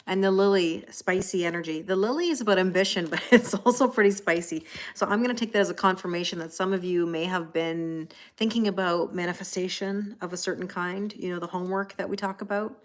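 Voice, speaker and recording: A woman's voice: lowish voice, fairly quick, few pauses. A woman in her forties, chatty and laughing often, greeting viewers by name as she reads tarot cards on a live stream. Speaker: tarot reader. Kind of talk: casual live-stream card reading.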